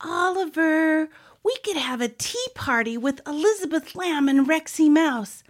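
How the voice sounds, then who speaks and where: A woman's voice: high-pitched, expressive, a little slow, pitched above the performer's own voice. A woman voicing a cheerful little girl mouse who teases her brother in a sing-song way. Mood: cheerful teasing.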